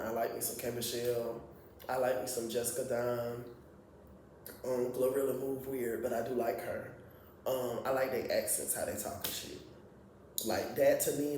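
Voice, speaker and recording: A man giving a casual, profane recap of a reality TV episode, laughing often and talking in an animated way. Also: mid-range voice, slight background noise. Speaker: reality TV reviewer. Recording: very echoey room, voice from far off.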